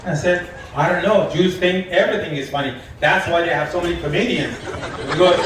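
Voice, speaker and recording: A man with a high voice does live stand-up in a lounge. He tells stories deadpan and acts out both sides of each conversation. The sound is very echoey and picked up from some distance, with a faint room hum behind it. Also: fairly quick, a crowd in the background. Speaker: stand-up comedian. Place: shisha lounge.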